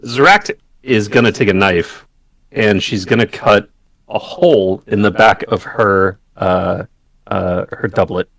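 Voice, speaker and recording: A man playing a tabletop game, describing his character's actions in an unhurried, descriptive way. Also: fairly low pitch, creaky, a bit bright, dry recording. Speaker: player.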